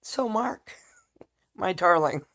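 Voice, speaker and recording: A woman's voice: lowish voice, animated, slow, a bit bright. A woman streaming live, talking bluntly and with heavy profanity as she rants straight to her viewers. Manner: fired-up ranting to viewers. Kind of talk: casual live-stream chat.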